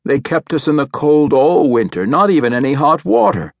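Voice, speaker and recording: A man's voice: a little high, lively intonation, moderate pace, gravelly, no room sound, voice pushed up. A man voicing a bitter old hunchbacked widower who mutters complaints, in an audiobook reading.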